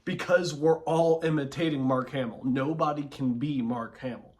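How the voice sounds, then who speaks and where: A man with a hoarse, sore voice, chatting casually to camera in a relaxed, rambling way between voice impressions. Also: medium pitch, a little fast, few pauses.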